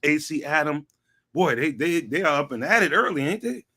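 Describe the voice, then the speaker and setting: A man guesting on a sports talk show, talking in an animated, slangy way and repeating phrases for emphasis. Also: a little high, moderate pace. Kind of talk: casual sports talk chat.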